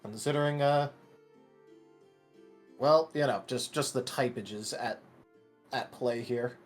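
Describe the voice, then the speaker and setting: A man's voice: mid-range voice, takes it slowly, faint music behind. Rambling male game master. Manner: rambling, lots of fillers. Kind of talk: narrating a tabletop role-play.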